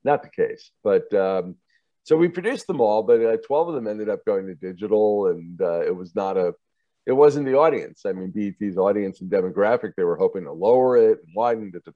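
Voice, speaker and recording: On the low side and brisk, a TV producer's voice comes through narrow, tinny audio with no room sound. He casually recounts stories from his career in an interview, animatedly mimicking the people in them and laughing frequently.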